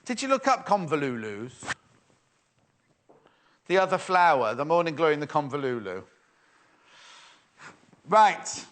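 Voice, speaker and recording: Lively, animated male TV presenter. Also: a little high. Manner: playful, chatty, reads viewer messages aloud. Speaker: shopping channel presenter. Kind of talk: live sewing TV chat. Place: TV studio.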